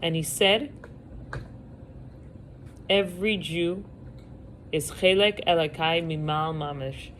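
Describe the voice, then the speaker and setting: A woman teaching a class, telling a story with lively delivery over a video call from home. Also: on the low side, slow pace, pauses often, slight background noise, low-quality recording. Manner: animated storyteller, acting out quotes.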